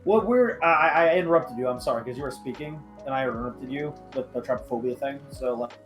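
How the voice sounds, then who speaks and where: A man hosting a casual podcast chat, excitable and profane, breaking into sudden loud outbursts. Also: mid-range voice, quick pace, soft background music. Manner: excitable, swearing, shouts in bursts. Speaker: podcast host.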